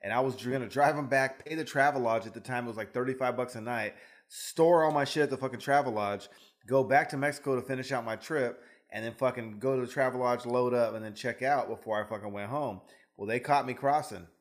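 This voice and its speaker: A man co-hosting a podcast, telling his own stories in casual chat with plenty of swearing. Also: mid-range voice. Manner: fast, profane storyteller. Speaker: podcast co-host.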